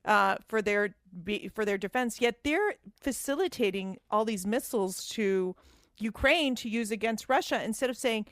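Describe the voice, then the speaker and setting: A woman co-hosting a talk radio show, animated and opinionated, laughing easily, in a radio studio. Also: mid-range voice, moderate pace, no room sound. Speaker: radio co-host.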